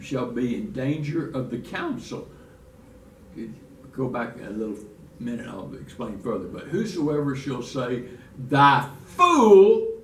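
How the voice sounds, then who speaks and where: A man's voice: medium pitch, mellow. Folksy man teaching Bible class. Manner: folksy, repeats and restarts, reads scripture aloud. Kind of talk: church Bible lesson. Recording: echoey room from far off, faint noise.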